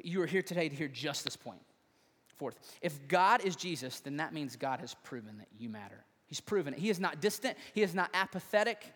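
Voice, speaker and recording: A man pastor preaching a sermon, building from quiet questions to rising appeals. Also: on the high side, expressive, a little fast, long reverb tail. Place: church sanctuary.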